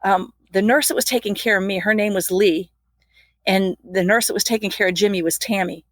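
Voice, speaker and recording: A woman's voice: mid-range voice, fairly even intonation, brisk, no echo. Earnest woman telling her story, dry sound. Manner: earnest, vivid retelling with laughs and restarts. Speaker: guest, flight nurse. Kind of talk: personal storytelling interview.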